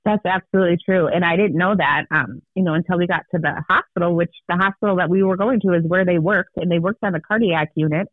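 A woman, speaking as an interview guest in an earnest, halting way with fillers and restarts, recounting a personal ordeal. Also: on the low side, no room sound. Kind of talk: emotional personal testimony. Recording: tinny phone line, dry.

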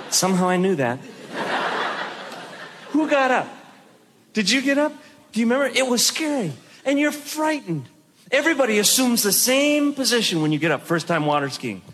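A male comedian with a high voice, doing stand-up before a live crowd. He tells his stories with big swings in pitch. The recording has a steady layer of noise under it. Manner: animated storytelling, mimics others with shouted high voices. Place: stage before a live audience.

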